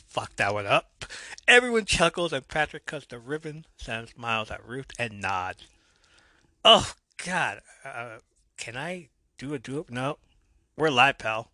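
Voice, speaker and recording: Bright-voiced joking podcast host man. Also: medium pitch, very animated, measured pace, no echo. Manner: joking asides, self-correcting. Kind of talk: casual episode recap.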